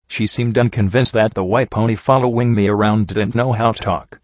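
Low-voiced man narrating a story. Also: dry recording. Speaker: audiobook reader. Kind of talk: first-person story narration. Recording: dull lo-fi dry recording.

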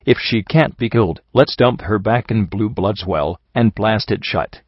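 A man's voice: on the low side, measured pace, lo-fi sound, a little hiss or hum, close to an everyday voice. A man reading the lines of a bitter, angry young stallion in an audiobook, sarcastic and harsh.

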